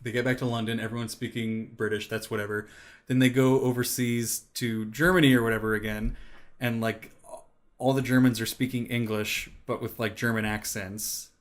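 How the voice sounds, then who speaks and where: A man's voice: mid-range voice, fairly even intonation, moderate pace. A young man from New Jersey ranting loosely in a casual podcast chat, full of "like" and restarts. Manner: rambling, lots of "like", ranting. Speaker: podcast co-host.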